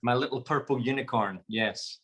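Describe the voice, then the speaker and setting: A man's voice: medium pitch, normal speed, fairly bright tone. Guy on a video call, jokey and self-mocking, casual chat. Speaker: guest.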